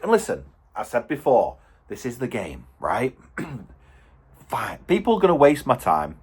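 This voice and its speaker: A man rants to his vlog audience, exasperated and animated. His voice is husky with a slightly rough edge. His pitch swings widely as he tells the story. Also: unhurried. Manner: exasperated, animated, acts out quotes. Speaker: home car dealer vlogger. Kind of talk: ranting storytelling to camera.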